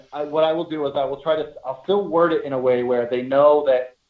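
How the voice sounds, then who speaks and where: Swearing, animated male medium. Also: on the high side, brisk. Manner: animated storyteller, swears freely, laughs often. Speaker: medium and reverend. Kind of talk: casual podcast chat. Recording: roomy, dull lo-fi remote audio.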